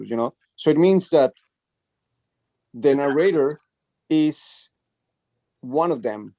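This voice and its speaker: A man talks eagerly about a book in a relaxed discussion, with lots of "you know" fillers. His voice is mellow and dark. The recording is dry and close, with no room sound. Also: fairly high pitch, no echo.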